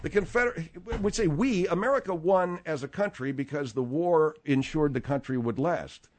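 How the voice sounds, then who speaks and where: A man's voice: fairly high pitch, moderate pace, a little mellow. A man hosting a talk radio show, rambling with lots of restarts and asides. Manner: rambling, many fillers and restarts. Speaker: radio host.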